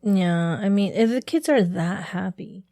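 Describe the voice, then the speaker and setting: A woman's voice: medium pitch, unhurried, vocal fry, dark tone, no room sound. A woman co-hosting a podcast, reading stories aloud and chatting casually, laughing often. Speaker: podcast co-host.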